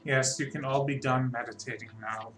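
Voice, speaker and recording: A man narrating as game master of a tabletop game, halting and full of fillers. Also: medium pitch, steady tone, a bit bright, soft background music, low-quality recording. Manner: halting, lots of fillers and restarts.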